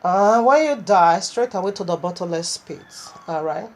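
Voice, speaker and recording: A woman's voice: fairly low pitch, lively intonation, moderate pace, a little mellow. A woman preaching a sermon, impassioned and repetitive, with stammering restarts as she recounts a vision.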